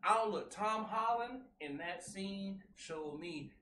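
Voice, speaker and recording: A man co-hosting a casual show, recapping a movie excitedly, repeating himself and jumping in over his co-host. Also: high-pitched, takes it slowly. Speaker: podcast co-host. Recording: echoey room with faint hum.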